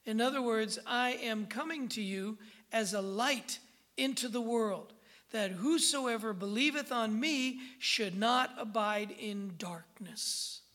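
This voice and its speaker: A woman delivers a sermon in a bright, slightly high voice. She preaches emphatically and keeps checking in with the congregation as she goes. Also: measured pace. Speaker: pastor.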